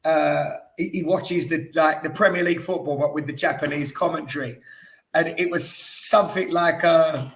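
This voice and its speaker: A man co-hosting a football podcast, easygoing and quick with a joke. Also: fairly high pitch, steady tone, fairly bright tone. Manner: easygoing, joking, fond of asides. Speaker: podcast co-host. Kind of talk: casual football chat.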